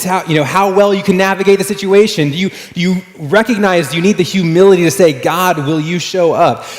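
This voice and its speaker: A male pastor delivers a sermon in a relaxed, chatty storytelling manner, his voice sitting a little high for a man. The sound carries a long reverb from a roomy church hall. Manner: conversational, animated storytelling with fillers. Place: church sanctuary.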